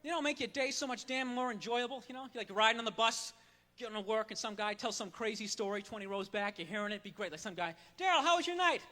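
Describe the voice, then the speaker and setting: High, sharp-voiced ranting stand-up comic. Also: male voice, quick pace, in a large hall. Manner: loud, ranting, mock-outraged. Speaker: stand-up comedian. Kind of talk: stand-up routine. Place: comedy stage.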